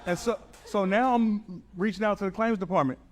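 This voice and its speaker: A man performing a stand-up bit, telling a work story in an animated, punchy way. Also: sits high, fairly quick. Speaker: stand-up comedian. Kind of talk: stand-up set.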